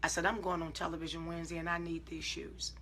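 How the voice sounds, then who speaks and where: A woman preacher talks to her online audience in an informal, emphatic way, acting out her own side of conversations. She moves from calm self-talk to loud, stretched-out exclamations. Her voice is bright and forceful with a husky edge. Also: on the low side, fast.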